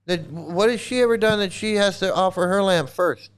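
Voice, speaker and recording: A man's voice: high-pitched, moderate pace, clear, resonant tone. A man ranting in angry commentary as a former member, profane and repetitive, restarting his sentences.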